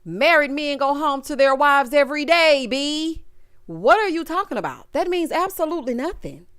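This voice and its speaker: A woman's voice: sits high, lively intonation, moderate pace, a bit bright, dry recording, studio quality. A woman hosting a casual reality TV recap, talking sassy and slangy with dramatic asides to her viewers.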